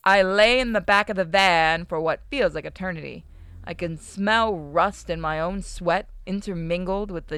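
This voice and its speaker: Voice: mid-range voice, a bit bright, smooth, no echo. A gaming channel host with a New York accent, casually chatting and reading a visual novel aloud, swearing freely.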